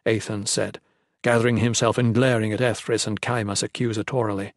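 A man reading a fantasy story aloud in an even storytelling delivery. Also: medium pitch, a little fast, dry recording, clean studio sound. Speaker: audiobook narrator. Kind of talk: scripted fantasy narration.

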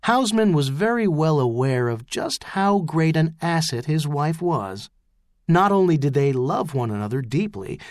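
Guy reading an audiobook, steady even pace, slightly high voice, super dry close mic. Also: no echo. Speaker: audiobook narrator. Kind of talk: scripted narration.

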